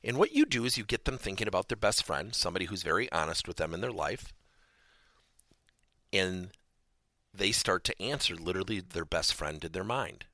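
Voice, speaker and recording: A man hosting a podcast lesson on workplace coaching, animated and repeating his key points for emphasis. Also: sits low, moderate pace, no echo, studio quality.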